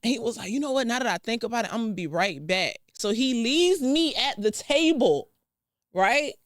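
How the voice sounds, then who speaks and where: A young woman vlogger telling a dating story in a casual, profane, animated way, acting out both sides. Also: on the high side, moderate pace, no echo, studio quality.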